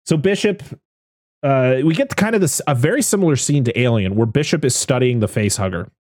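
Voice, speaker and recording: A man chatting through a movie recap in a dry, close recording at an average pitch. He laughs a lot and slips into quick impressions of the characters as he tells the story. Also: lively intonation, a little mellow, dry recording. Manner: laughs often while acting out characters' lines. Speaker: podcast co-host. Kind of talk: casual movie recap chat.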